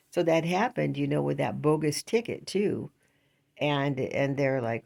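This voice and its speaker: Rambling older woman, gravelly voice. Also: low voice, expressive, a little slow, darkish tone. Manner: chatty, indignant, rambling with laughs. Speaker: vlogger. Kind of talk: casual rambling monologue.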